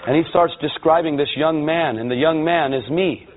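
A man from Los Angeles giving a lively personal testimony to a church audience, acting out the voices in his story. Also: a little high, normal speed. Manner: lively storyteller who acts out voices and quotes. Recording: tinny, narrow-band sound.

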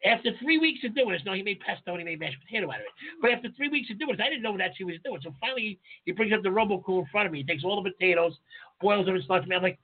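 New chef, co-host, husky and fast, cusses freely, tinny phone-like audio. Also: male voice, high-pitched. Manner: profane, animated storytelling. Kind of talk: casual chat, storytelling.

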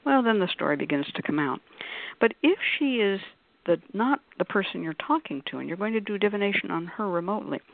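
A woman's voice: mid-range voice, lively intonation, fairly quick, creaky, no echo. A woman on a radio discussion panel, explaining at length in a conversational way and acting out quoted voices in her examples. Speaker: panelist on a call-in radio show. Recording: dry, tinny phone-like line.

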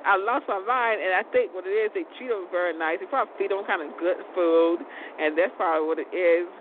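Woman host, rambling solo monologue, stumbles and repeats herself, phone-quality sound with loud noise behind. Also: on the low side, fast talker. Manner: rambling, repeats words and restarts often. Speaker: show host. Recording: tinny phone-like audio with loud background noise.

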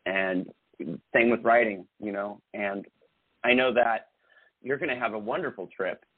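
A man co-hosting a podcast in casual chat, reflective and halting, with many fillers. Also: on the low side, slightly rough, no room sound. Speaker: podcast co-host. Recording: tinny phone-like sound, dry.

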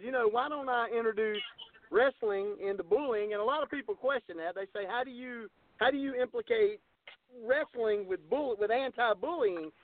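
Over a tinny phone line with a noisy background, a high-pitched, middle-aged man from the American South calls in as a wrestling promoter for a casual interview. His Southern Georgia accent comes through as he speaks folksily, pausing often, filling gaps with "uh," and saying "y'all" and "yes, sir."

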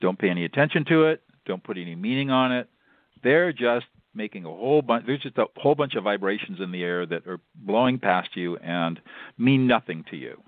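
A man's voice: on the low side, lively intonation, dry recording. An older man, a mediator and law professor, explaining step by step as a radio interview guest. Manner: measured, instructive, repeats himself. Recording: tinny phone line.

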